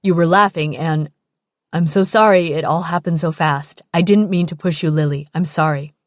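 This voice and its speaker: A woman voicing a young male surgeon boyfriend with a quick temper, curt in anger and pleading in apology. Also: sits low, no room sound, clean studio sound, natural voice. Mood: apologetic.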